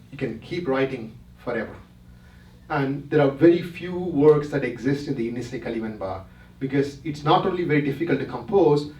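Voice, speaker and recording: A man with a mid-range, darkish voice presents to a retreat audience, walking through ideas step by step and frequently making sure listeners are keeping up. The distant mic picks him up in a roomy hall.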